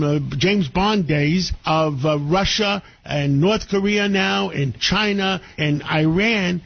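A talk radio host chats effusively with his guests. His voice is high and husky. The audio sounds a little dull. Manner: effusive, conversational.

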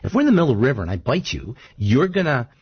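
Brief: unrepentant fable scorpion, breezy and raised in pitch, as a man voices it, dull recording. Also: big pitch swings, very fast, husky. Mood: coaxing. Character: smooth-talking, unapologetic scorpion.

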